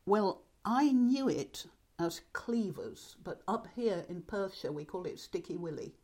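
An older woman with a medium-pitched, darkish, expressive voice talks unhurriedly in a casual interview at her home in the Perthshire countryside. She tells anecdotes and laughs often.

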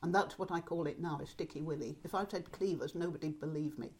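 A woman's voice: deep voice, steady tone, fast, a little mellow, husky. An older woman chatting in an interview, telling anecdotes and laughing often. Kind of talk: casual conversation. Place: home in Perthshire countryside.

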